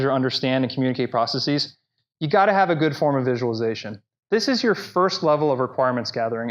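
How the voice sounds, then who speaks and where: A man presents at a live professional talk in a lively, conversational way and speaks straight to his audience. His voice sits fairly high for a man. The recording is dull and lo-fi, as if captured in a presentation room. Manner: conversational, energetic, addresses audience directly. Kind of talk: conference presentation.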